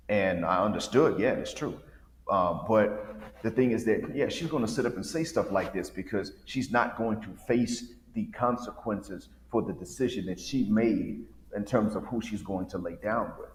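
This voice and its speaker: A man in a casual discussion, speaking in a measured, reflective way. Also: lowish voice. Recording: echoey room with long reverb.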